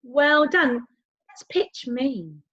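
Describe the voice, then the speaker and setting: Woman teaching an online class for little kids: higher voice, very lively, playful, recorded on dull low-fi audio. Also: drawn-out words. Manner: animated, playful, sing-song with whoops and whispers. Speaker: primary school music teacher. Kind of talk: online lesson for young children. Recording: dull lo-fi home video sound.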